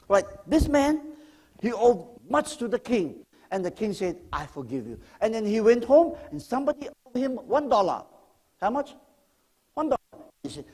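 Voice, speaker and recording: A man preaching a sermon as a guest pastor, speaking straight to the congregation with questions and swinging between loud emphasis and near-whispered lines. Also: high-pitched. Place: church.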